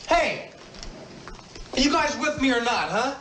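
A young actor playing an impatient teenage band leader who snaps and pushes the others, in a film soundtrack with noise behind. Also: male voice, very high-pitched, very animated, a little slow, pushed and bright, echoey room, heavily acted. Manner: demanding, exasperated, snappy.

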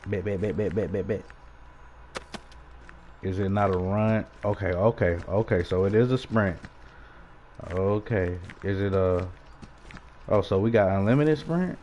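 A man's voice: deep voice, measured pace, pauses often, a little mellow, dull audio, a little hiss or hum. A young man giving jumpy, swearing let's-play commentary with nervous laughter while playing a horror game. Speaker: gaming YouTuber.

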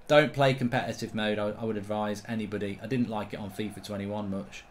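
A middle-aged man commentating on his own football video game, grumbling and swearing one moment and yelling the next. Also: on the low side, fairly even intonation, a little fast, hardly any pauses, a little hiss or hum. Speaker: gaming streamer. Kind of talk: live gameplay commentary.

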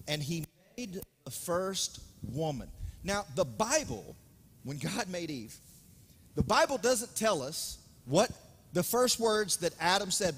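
A man preaching a sermon with dramatic swings between loud emphasis and hushed asides. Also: high voice, breathy edge. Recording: reverberant hall, speaker off-mic at times.

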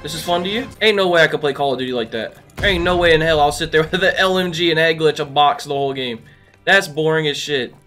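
A man giving excitable, trash-talking commentary over his own gameplay, a little sick. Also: on the high side, fast. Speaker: gaming YouTuber. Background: faint background music.

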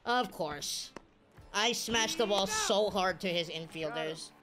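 A woman's voice: medium pitch, slow pace, music in the background. A woman giving live video game commentary, cheering and groaning at every play. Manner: excitable, cheers and groans at plays. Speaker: gaming streamer.

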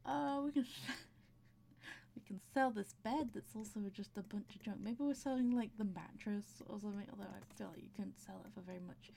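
A woman's voice: mid-range voice, normal speed, vocal fry, mellow, slight background noise. A woman casually commenting on her game, chatting to her characters and laughing often, with audible breathing. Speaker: gameplay commentator.

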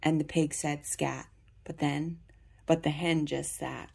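Woman reading a kids' storybook out loud, low voice, super slow and careful, faint hiss behind. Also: flat delivery, creaky. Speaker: reader of a children's book. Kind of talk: slow read-aloud storybook narration for young children.

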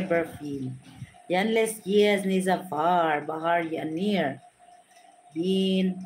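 A woman with a Filipino accent hosting a live stream, reading viewers' names aloud and giving shout-outs. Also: fairly low pitch, slight background noise, low-quality recording. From Philippines.

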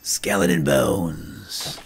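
A man giving excitable, jokey commentary while playing a video game. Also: very deep voice, drawn-out words, gravelly, a little hiss or hum. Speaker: let's play gamer. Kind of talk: casual gameplay commentary.

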